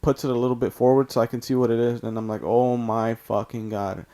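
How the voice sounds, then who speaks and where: A man's voice: mid-range voice, level tone, very fast, warm tone. A man from California casually telling a story over gameplay, rambling with lots of fillers and swearing. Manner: rambling and profane, heavy use of "like". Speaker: storytime YouTuber.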